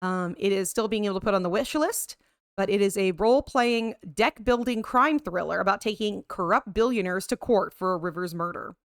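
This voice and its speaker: Recorded at studio quality with a clean tone and no echo, an American woman speaks a little fast at medium pitch. She livestreams a game, giving its text a dramatic reading and chatting casually with viewers, throwing in the odd curse.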